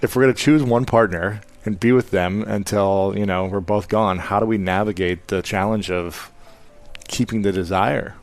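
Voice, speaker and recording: Low-voiced male interviewer, dry sound. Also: fairly even intonation, normal speed, dry recording, faint music behind. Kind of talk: interview questions.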